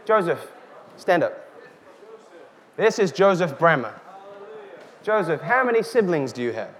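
A man preaching a sermon, slow and emphatic, calling out questions to the congregation. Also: fairly high pitch, very animated, a bit bright. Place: church hall. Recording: reverberant hall with faint noise.

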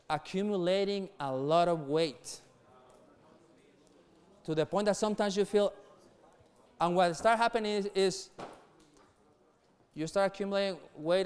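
A middle-aged man preaching earnestly to young people, laughing softly between points and repeating words as he goes. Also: sits high, clean tone. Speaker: youth pastor.

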